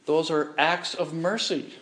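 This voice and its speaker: A pastor, preaching an earnest, measured sermon and reading scripture aloud. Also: male voice, fairly high pitch, fairly even intonation, a bit bright.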